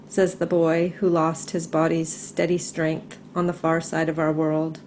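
A middle-aged woman reads her personal essay aloud, calm and measured, in a slightly low voice. A faint hiss sits under the recording. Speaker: writer reading her essay.

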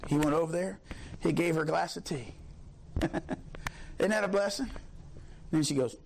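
A man preaching a sermon, fiery, swinging from low talk to high shouts. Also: unhurried, gravelly, slight background noise.

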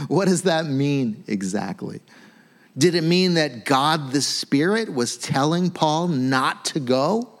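A man, a pastor, giving a sermon in a conversational, animated way, often checking in with "right?". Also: a little high, slow. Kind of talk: sermon teaching.

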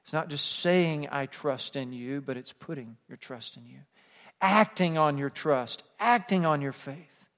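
A male pastor with a high voice delivers a sermon in a church sanctuary, and his words ring out with a long hall reverb. He talks conversationally, dropping to soft asides and then building to emphatic, rising passages. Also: measured pace.

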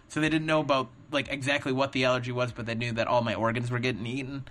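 Bright-voiced young comedian telling a story. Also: male voice, mid-range voice, fast, few pauses. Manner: animated, rambling, acts out the other people in his stories. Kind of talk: comedic storytelling in casual chat.

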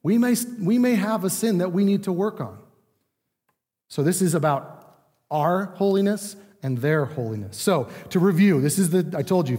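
A man with a fairly high voice preaches a sermon in an easygoing, conversational teaching manner, slipping into the voices of the people he describes. His words ring out with a long reverb, as in a large church sanctuary. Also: dark tone. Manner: conversational teaching, acting out quoted speech. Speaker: pastor.

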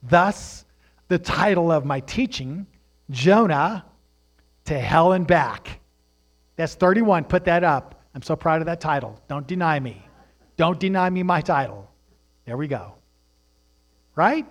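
A man teaching a sermon, asking rhetorical questions and swinging between hushed, drawn-out phrases and loud, emphatic preaching. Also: fairly high pitch, animated.

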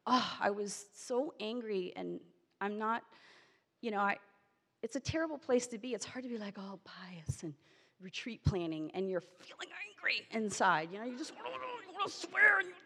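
A woman telling a personal story in an animated way, acting out the voices of the people in it. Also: medium pitch, moderate pace, in a large hall. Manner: animated, acts out quoted voices.

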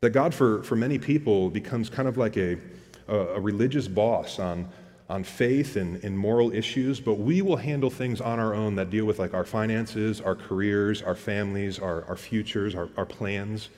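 A man's voice: fairly low pitch, normal speed, darkish tone, in a large hall. A man preaching a sermon in a casual, conversational way, often repeating words and asking the congregation questions. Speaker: pastor.

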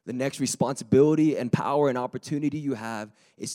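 A man preaching a sermon with a slightly raspy voice, talking in a lively, conversational way that builds to emphatic peaks. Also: mid-range voice, fast talker.

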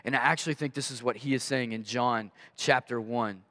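A man's voice: medium pitch, a little fast. Man preaching in a reverberant hall. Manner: animated storyteller, acts out voices in anecdotes. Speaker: guest pastor. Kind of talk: storytelling sermon. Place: church sanctuary. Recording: long reverb of a large hall.

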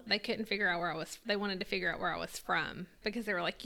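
A woman with a Southern US accent, co-hosting a podcast and talking quickly in casual chat. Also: medium pitch, steady tone, vocal fry, bright, forceful tone. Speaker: podcast co-host.

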